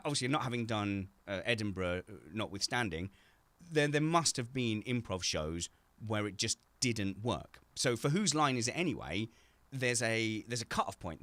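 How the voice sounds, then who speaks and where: A man's voice: lowish voice, a bit bright, no room sound. A man hosting a casual video-call chat from home, joking and teasing, with frequent stumbles and restarts. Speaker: host.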